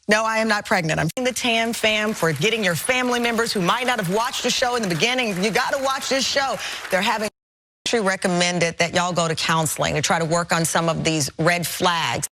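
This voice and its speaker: In a TV studio, a woman hosts a live daytime talk show, welcoming viewers and questioning her guests in an energetic, conversational and sincere way. Her mid-range voice is brisk, with a little hiss or hum in the audio.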